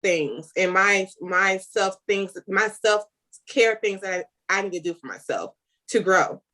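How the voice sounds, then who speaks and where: A woman's voice: medium pitch, expressive, measured pace, sharp tone. Woman, candid, heartfelt, personal storytelling, conversational. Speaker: guest, single mother.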